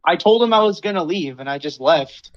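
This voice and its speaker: This young man hosts a casual podcast, launching into an animated rant full of swearing and acting out what other people said. His voice is a little high and a little fast, and the sound is lo-fi.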